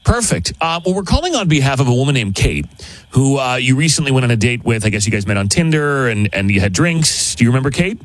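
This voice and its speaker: A man hosting a morning radio show, chatting in an animated, joking way from a studio. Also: medium pitch, quick pace. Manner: animated, joking, talks over others. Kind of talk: morning radio prank call chat.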